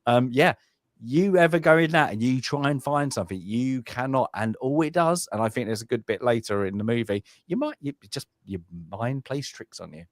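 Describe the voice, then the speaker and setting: A man's voice: medium pitch, expressive, normal speed, no room sound, studio quality. A man from Britain co-hosting a podcast, chatting casually about a film, rambling with many fillers and restarts. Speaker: podcast co-host. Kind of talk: casual film review chat.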